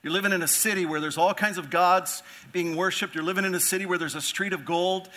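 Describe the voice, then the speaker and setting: A man's voice: high voice, fairly even intonation, fast talker, bright, forceful tone. A man preaching an earnest expository sermon as pastor, asking rhetorical questions and repeating phrases for emphasis.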